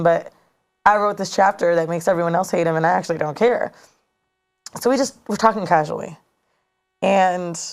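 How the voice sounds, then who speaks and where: Animated storytelling woman podcaster. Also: medium pitch. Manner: animated, slangy, dramatic retelling. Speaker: podcast co-host. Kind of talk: casual storytelling. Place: studio.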